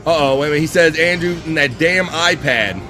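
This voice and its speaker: A man's voice: on the high side, fairly quick, music in the background. A man hosting a casual livestream, joking and teasing, laughing often. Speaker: livestream host.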